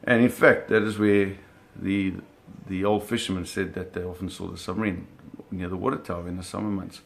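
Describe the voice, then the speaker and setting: Gravelly man telling a story. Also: sits low, a little fast. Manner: animated, vivid storytelling with frequent restarts. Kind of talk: personal storytelling.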